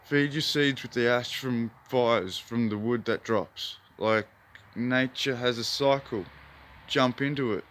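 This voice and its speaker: Speaking slowly in a medium-pitched, fairly bright voice, an Australian man rambles in a relaxed, spiritual manner while filming his backyard garden on his phone. He's a hobby gardener making a meandering outdoor vlog.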